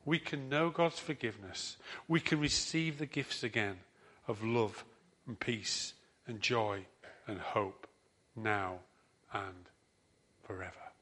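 A man preaching a sermon as pastor, telling stories with emphatic rises and soft, trailing endings. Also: on the low side, slow pace.

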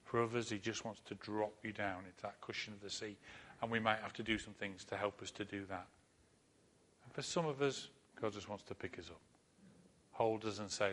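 A man preaching a sermon in an earnest manner, repeating phrases and dropping to a soft, comforting tone. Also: on the low side, fairly even intonation, normal speed, a little hiss or hum. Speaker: pastor.

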